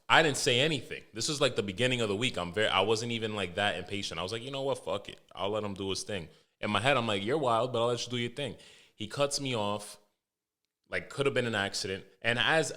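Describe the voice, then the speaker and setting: A young man hosting a podcast, telling stories in a loose, animated way, swearing heavily and restarting his sentences. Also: fairly low pitch. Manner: animated storytelling, heavy swearing, frequent restarts. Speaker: podcast host. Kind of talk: casual podcast monologue.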